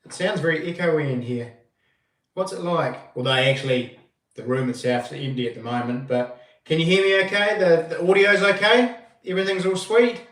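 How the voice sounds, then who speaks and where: A New Zealand man hosting a casual livestream, greeting viewers by name in a relaxed, easygoing way from an empty room. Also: fairly high pitch, recorded from a distance. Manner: greets viewers by name, slow and laid-back. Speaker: livestream host. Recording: echoey room, voice a bit off-mic.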